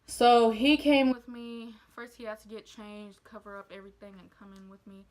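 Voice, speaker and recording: A woman's voice: on the high side, moderate pace, a little mellow, poor audio. A young adult woman vlogger telling her birth story in a casual, emotional, rambling way with lots of fillers.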